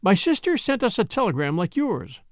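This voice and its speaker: A man puts on an earnest young woman in an old storybook, her voice lifted and quick. The pitch leaps around, a gravelly grain shows through, and the sound is close and dry. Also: big pitch swings, dry recording. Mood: amazed. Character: earnest young woman traveler, startled and wry. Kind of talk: audiobook character voice.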